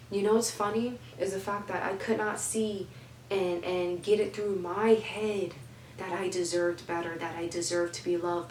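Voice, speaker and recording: A woman's voice: fairly low pitch, a little mellow, roomy sound, distant mic, slight background noise, rough recording. A young woman giving heartfelt life advice in an emphatic way, repeating phrases for stress. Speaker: advice vlogger.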